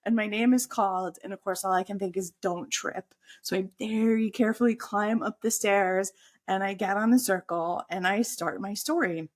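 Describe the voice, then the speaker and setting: A woman speaking at a middle pitch, telling a lively personal anecdote as a podcast guest. She slips into quoted inner thoughts as the story builds. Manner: animated anecdote with voiced quotes of her own thoughts.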